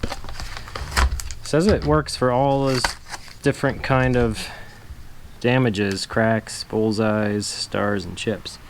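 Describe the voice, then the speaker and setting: Relaxed man narrating a DIY repair. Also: lowish voice, slow pace, vocal fry, long pauses, a little hiss or hum. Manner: relaxed, self-deprecating, with many fillers. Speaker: DIY vlogger. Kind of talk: casual how-to narration.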